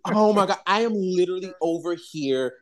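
A man co-hosting a casual podcast, gushing and swearing, repeating himself in excitement. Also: sits high, moderate pace. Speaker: podcast co-host.

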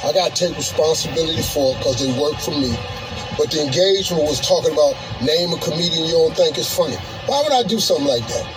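A man's voice: on the high side, animated, fast talker. A man in his sixties giving a blunt, exasperated selfie-video apology in casual slang. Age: 60s. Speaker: public figure addressing fans. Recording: video clip with loud music behind.

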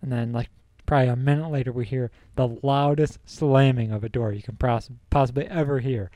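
Young male podcast host, warm mellow tone, dry close sound, laid-back storyteller who laughs a lot. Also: medium pitch, steady tone, a little fast, dry recording. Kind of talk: casual storytelling.

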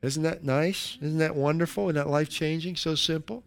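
A man preaching a sermon as pastor, leading his congregation through slow, emphatic call-and-response lines. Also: on the high side, steady tone, creaky.

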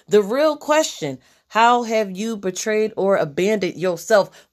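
A woman's voice: medium pitch, animated, a little slow. A woman hosting a podcast, giving a general spiritual reading as a blunt, profane pep talk that repeats its key lines.

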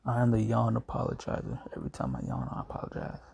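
A man's voice: on the low side, big pitch swings, quick pace, gravelly, warm tone, a little hiss or hum. A young man hosting a casual solo podcast from home, groggy and yawning after a nap, rambling in a laid-back, jokey way. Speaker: podcast host.

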